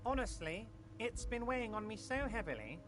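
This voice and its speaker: A performer voicing a large, scheming union boss who talks in a smooth, ingratiating, falsely reassuring way. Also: medium pitch, sing-song, normal speed, lightly acted.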